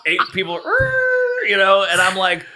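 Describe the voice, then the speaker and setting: Bright-voiced man telling a wild story. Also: medium pitch, normal speed. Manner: animated, profane, acts out quotes with sound effects. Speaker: comedian guest telling a story. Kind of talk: casual storytelling chat.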